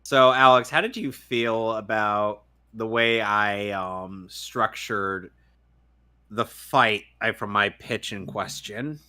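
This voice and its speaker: Male podcast co-host, crisp bright timbre, halting questioner. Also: on the low side, fairly even intonation. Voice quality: halting, asks his co-hosts questions. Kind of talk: casual movie chat.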